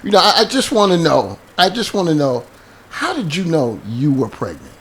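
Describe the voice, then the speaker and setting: High, lively male talk show host. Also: normal speed, a little hiss or hum. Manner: joking, playful banter. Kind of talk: lively panel show hosting.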